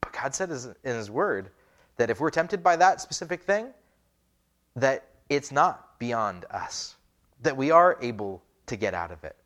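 A man's voice: medium pitch, very animated, measured pace, fairly bright tone. A man, a pastor, preaching a conversational sermon with many rhetorical questions. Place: church.

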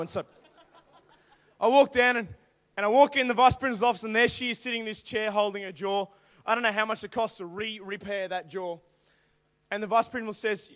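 A young man preaching to a youth group through animated personal stories, acting out voices and now and then bursting into shouts. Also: high-pitched. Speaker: youth speaker. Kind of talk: storytelling youth sermon.

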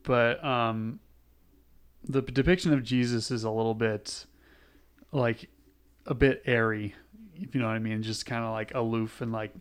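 A man's voice: mid-range voice, steady tone, moderate pace, pauses often, smooth. Rambling young man co-hosting a podcast. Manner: rambling, full of "like" and restarts. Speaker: podcast co-host. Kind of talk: casual chat.

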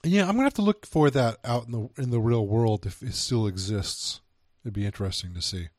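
A man co-hosts a casual film review chat, reading quoted passages aloud between his own halting asides. His voice sits at an ordinary middle pitch. The recording is close and dry, with no room sound. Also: animated, darkish tone, no room sound. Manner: reads quotes aloud, hesitant restarts. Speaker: podcast co-host.

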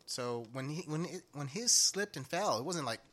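A young man spinning a story among friends, animated and quick to laugh, swearing freely. His voice sits a little high and rings bright and sharp. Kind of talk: casual storytelling chat.

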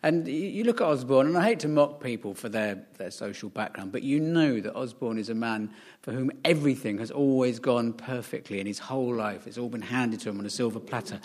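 A man's voice: medium pitch, animated, a little fast, darkish tone. A man on a comedy panel, ranting in a mocking way and mimicking posh voices. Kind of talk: comic rant.

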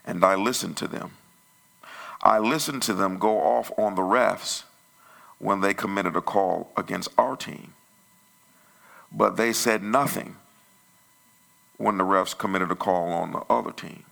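A male pastor telling a story in a conversational sermon that grows loud and animated. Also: sits low, a little slow, vocal fry, pauses often. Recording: church sermon audio.

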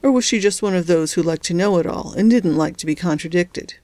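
A woman reads a novel aloud in a steady, measured way. Her voice is on the low side. The recording is dry and close, with no room sound. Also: no echo. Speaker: audiobook narrator. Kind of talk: scripted narration.

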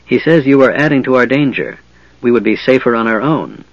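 A man voicing a chieftain's daughter who speaks low and gravely. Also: expressive, fairly quick, no echo, lo-fi sound, natural voice.

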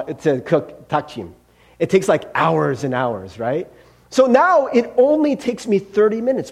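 Middle-aged male pastor, casual sermon, bright, high, very animated voice, rambling and friendly. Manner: chatty, self-deprecating, many fillers and rhetorical "right?".

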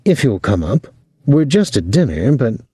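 A man voicing an eager, quick-spoken teenage girl, lifting his pitch higher. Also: big pitch swings, mellow, breathy edge, no room sound, clean studio sound.

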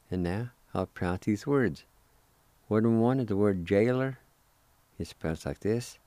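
A man hosting a radio language lesson, spelling words letter by letter and repeating each pronunciation slowly. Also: on the low side, lively intonation, warm tone, dry recording. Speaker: radio host teaching Cherokee words.

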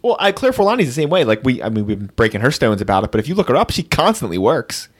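A man's voice: medium pitch, sing-song, very fast. A man hosting a casual movie commentary podcast, joking and laughing often. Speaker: podcast host.

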